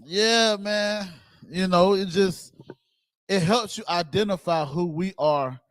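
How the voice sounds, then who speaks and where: Man, blunt casual preacher, high voice, dry close sound. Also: takes it slowly, dry recording. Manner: animated, blunt, swears casually, laughs and shouts at times. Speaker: speaker on a religious group's show.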